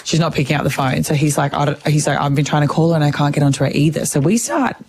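A young woman co-hosting a radio podcast, telling a story in animated, casual chat. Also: sits low, fast talker, a little hiss or hum. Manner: animated, swearing, self-interrupting.

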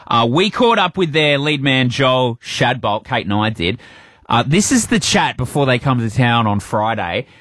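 Man, radio host, playful, lively pitch, dry sound. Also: moderate pace, no room sound. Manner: playful, jokey. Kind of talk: radio interview. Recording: dry studio mic.

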